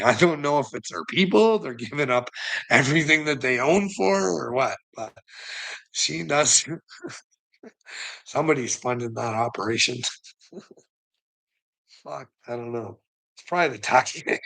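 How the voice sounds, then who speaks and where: A man's voice: a little high, vocal fry, pushed and bright, poor audio. A man delivering a rambling, profane monologue as a vlogger, laughing between phrases.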